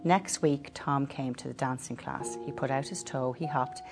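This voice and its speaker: A woman reading a picture book aloud to a child, in lively, clear storytelling. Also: extremely low pitch, normal speed, over music.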